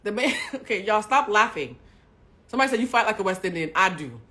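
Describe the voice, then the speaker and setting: A woman hosting a live stream, telling a personal story to her chat with lots of swearing. She drops to hushed asides, then bursts out loud. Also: mid-range voice, big pitch swings, quick pace. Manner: profane, swings between hushed asides and loud outbursts; talks directly to live chat.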